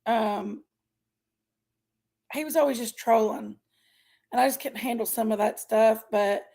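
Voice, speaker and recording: A woman's voice: a little high, unhurried, gravelly, warm tone. A woman hosting a casual livestream, chatting in a folksy way and greeting viewers by name. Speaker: livestream host.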